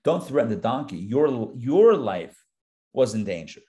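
A man's voice: mid-range voice, big pitch swings, a little slow, warm tone. A male rabbi teaching a live Torah class, talking conversationally and dropping joking asides as he reads the text.

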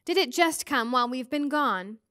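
A woman's voice: high-pitched, animated, moderate pace, sharp tone, smooth, no room sound, clean studio sound. A woman voicing an anxious teenage girl. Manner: anxious, pleading.

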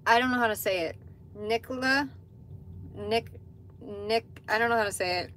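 A woman's voice: a little high, moderate pace, a bit bright, slight background noise. A woman hosting a casual livestream from inside a truck cab. She reads viewer comments aloud and answers them in a candid, chatty way, swearing now and then. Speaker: livestream host.

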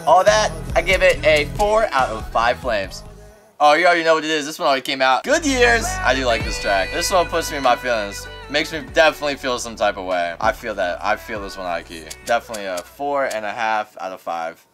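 A young man hosting radio, giving an excitable casual reaction to an album in a studio as he rates each track. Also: medium pitch, brisk. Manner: excitable, rates tracks in flames, laughs often. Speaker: radio host reviewing an album. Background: music playing.

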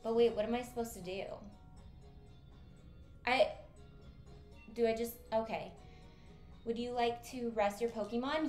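Unhurried, swearing woman streamer. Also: fairly high pitch, a little mellow, roomy sound, soft background music. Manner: reads game text aloud, swears and jokes. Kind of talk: casual gameplay commentary.

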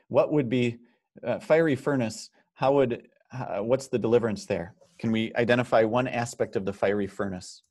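Guy with a lowish voice running a bible study, chatty, asks the group stuff and fills in with you know. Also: darkish tone. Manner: conversational, reads out questions and prompts the group. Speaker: pastor leading Bible study. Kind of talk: informal Bible study teaching.

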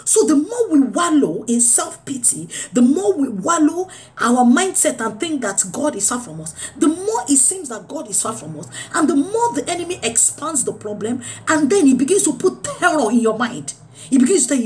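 A woman preaching a sermon, swinging between loud urging and low, quiet lines. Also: sing-song, normal speed, a little hiss or hum.

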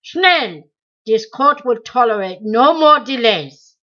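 A woman voicing a harsh, impatient male interrogator who barks loud commands. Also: fairly high pitch, sing-song, a little slow, lo-fi sound, heavily acted. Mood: shouting.

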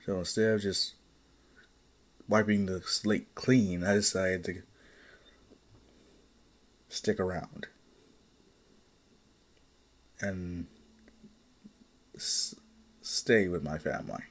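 A man's voice: lowish voice, little pitch movement, close to an everyday voice. A man playing a stammering, remorseful husband. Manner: halting, stammering confession. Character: remorseful young husband and father. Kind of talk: fan story voice acting.

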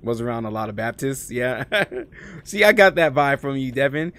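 A man live-streaming a game, chatting casually and profanely with his viewers, swinging from low muttering to loud excited outbursts. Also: moderate pace, dry recording. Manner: slangy and profane, talks to chat by name. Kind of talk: casual live-stream chat while gaming.

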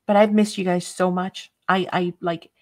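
A woman's voice: lowish voice, flat delivery, moderate pace, darkish tone. A woman hosting a casual craft livestream, chatty and a bit scattered, often laughing. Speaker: craft channel host.

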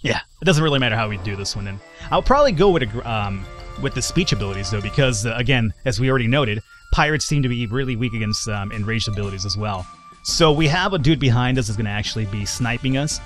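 A gaming channel host gives casual let's-play commentary on a strategy game, joking, chatting, and reading game text aloud. His medium-pitched, fairly bright voice is expressive and quick, with faint music in the background.

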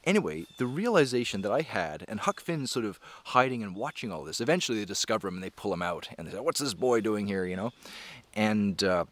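Rambling man with a low voice. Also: very animated, fast talker, a bit bright. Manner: rambling, enthusiastic, many fillers. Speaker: comics creator discussing a book. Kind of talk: casual vlog talk. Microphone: camera mic.

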